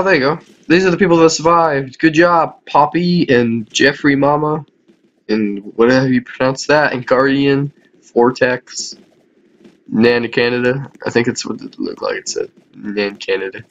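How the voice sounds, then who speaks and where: A man's voice: medium pitch, moderate pace, lo-fi sound, a little hiss or hum. Tired young guy rambling over gameplay. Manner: rambling, chatty, mumbles asides. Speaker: gameplay commentator. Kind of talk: casual game commentary.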